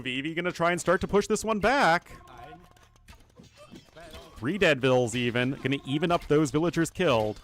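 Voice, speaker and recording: This game caster and streamer has a slightly high, bit bright voice with lively intonation at a normal speed, casting a strategy match live. He's chatty, rambles with asides and speaks directly to his chat as soft music plays behind.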